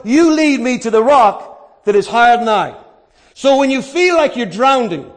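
High-voiced male preacher. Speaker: pastor. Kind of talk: sermon.

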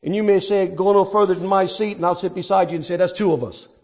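Male pastor, middle-aged, very high voice, earnest sermon delivery that leans on key words. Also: fairly even intonation, quick pace, a little mellow.

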